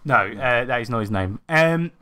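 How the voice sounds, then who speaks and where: A man's voice: medium pitch, moderate pace, a little hiss or hum. Sweary man hosting a podcast. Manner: lively, sweary, teasing. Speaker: podcast co-host. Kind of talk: casual banter.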